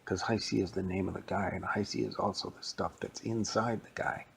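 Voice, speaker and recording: A man's voice: deep voice, steady tone, fairly quick, gravelly, a little hiss or hum, rough recording. A man telling a playful, rambling story that he makes up as he goes. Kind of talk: improvised spoken story.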